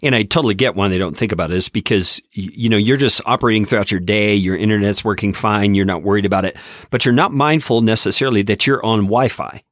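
Low-voiced, relaxed male podcaster. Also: fast talker, no room sound, clean studio sound. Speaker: podcast host. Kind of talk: casual chat.

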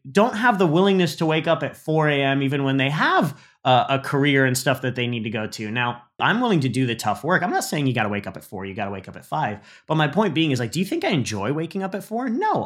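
A man in his thirties giving a motivational business talk, emphatic, repeating words and tagging his points with "right?". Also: medium pitch.

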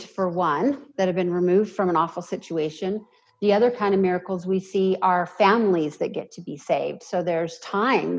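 A woman's voice: on the low side, highs cut off. A woman guest speaking earnestly and from the heart in an interview. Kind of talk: emotional personal interview talk.

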